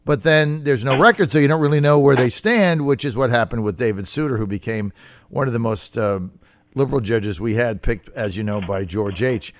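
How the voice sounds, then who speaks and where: Male talk radio host, energetic and opinionated, recorded close and dry. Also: mid-range voice, a little fast, dry recording.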